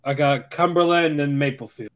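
A man's voice: fairly high pitch, moderate pace. A man from Vermont co-hosting an anime podcast, laid-back and casual, swearing as he recaps episodes. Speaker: podcast co-host.

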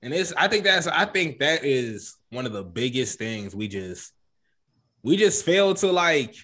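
A man co-hosting a casual wrestling podcast, rambling and animated, acting out quotes in jokey voices. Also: mid-range voice, unhurried. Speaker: podcast co-host.

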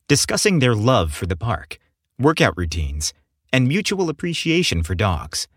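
A man narrating an audiobook story in a slow, expressive reading. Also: medium pitch, no echo, studio quality.

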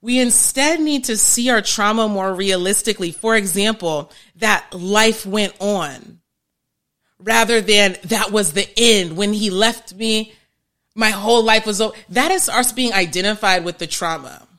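Woman therapist, live-stream teacher; bright, forceful tone, emphatic with frequent restarts. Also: mid-range voice, unhurried. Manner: emphatic, restarts often, laughs at herself.

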